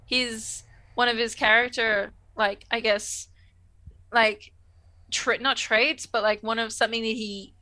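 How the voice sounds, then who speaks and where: A woman in casual conversation, recapping a show with lively reactions and plenty of swearing. Her voice is bright and a little high. The sound is close and dry. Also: measured pace, dry recording. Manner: animated, swears freely, acts out characters in quotes. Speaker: podcast co-host. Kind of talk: casual chat recapping a TV episode.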